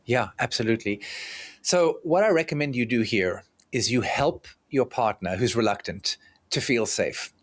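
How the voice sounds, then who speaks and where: A man as a podcast guest, explaining relationship repair calmly and acting out example lines between partners. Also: medium pitch, normal speed. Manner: calm, explanatory, acts out example dialogue.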